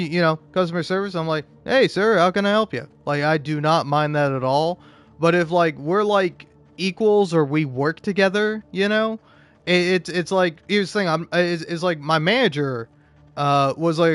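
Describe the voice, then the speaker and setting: A man's voice: on the high side, fairly bright tone. A drunk man rambling profanely in casual gaming commentary, full of restarts and fillers. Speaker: gaming YouTuber.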